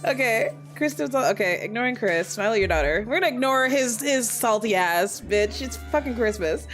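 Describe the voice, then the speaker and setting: Brief: young woman gaming streamer, rather high voice, swears freely, flips from calm reading to outraged yelling, faint music underneath. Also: brisk, hardly any pauses. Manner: reads game text aloud, then breaks into loud indignant outbursts; swears a lot, laughs mid-sentence. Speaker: VTuber streamer. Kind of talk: casual gameplay commentary.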